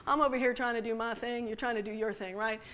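Woman pastor, sermon with props, playful and teasing, crisp high voice. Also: steady tone, fast, fairly bright tone, a little hiss or hum. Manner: playful, teasing, addressing the congregation directly. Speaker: preacher.

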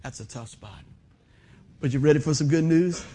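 A man preaching a sermon in a folksy storytelling manner, swinging from loud bursts to quiet asides. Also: fairly high pitch, moderate pace, breathy edge. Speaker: pastor.

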